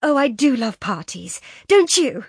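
A woman's voice: medium pitch, sing-song, unhurried, slightly rough, dry recording, studio quality, voice pushed up. A woman reading aloud and voicing an eager, effusive young upper-class girl. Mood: gushing.

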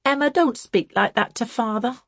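A woman voicing a hard, sharp-tongued young woman who gives orders. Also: lowish voice, sing-song, unhurried, breathy edge, no echo, clean studio sound, exaggerated voice. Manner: sharp, commanding.

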